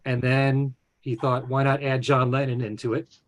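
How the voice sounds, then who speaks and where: A man with a mid-range voice talks easily on a video call, retelling a story before he puts his question to the guest. He sounds even and conversational. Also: mid-range voice, normal speed. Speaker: podcast co-host. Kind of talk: interview questions.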